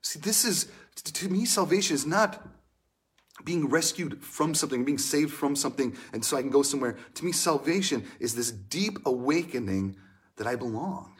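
A young adult man, a pastor, preaching a sermon in an earnest, emotional way, dropping to hushed lines and rising in bursts. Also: on the high side, expressive, moderate pace.

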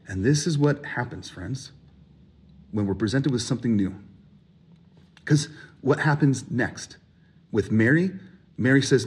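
A man preaching a sermon, animated and emphatic, acting out the voices of people in his stories. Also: medium pitch, a little slow, pauses often, a little hiss or hum. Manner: animated, acts out voices in quotes, rising emphasis. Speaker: pastor.

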